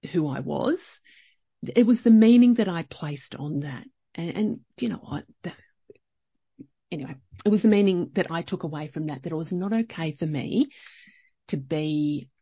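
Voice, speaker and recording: Reflective woman, husky and low. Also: mellow, no echo, lo-fi sound. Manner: reflective, chatty, with frequent restarts. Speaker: podcast host. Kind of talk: solo podcast monologue.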